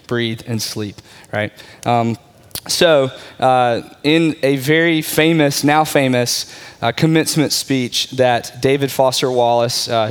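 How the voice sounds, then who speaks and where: A man's voice: medium pitch, clean tone. A man giving a conversational sermon as a pastor, often checking in with his listeners. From Texas.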